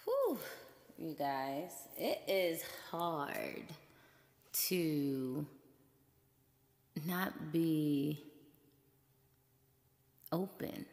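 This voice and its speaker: A woman's voice: low-pitched, sing-song, extremely slow, long pauses, darkish tone, big-room sound. A woman hosting a podcast in a playful, chatty solo talk, laughing often. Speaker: podcast host. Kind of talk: casual solo chat.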